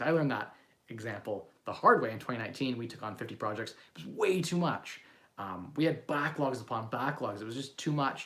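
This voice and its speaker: A man's voice: mid-range voice, a bit bright. Casual rambling man answering viewers. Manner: loose and rambling, with frequent ums and restarts. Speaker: investor host answering viewer questions. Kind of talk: casual livestream chat.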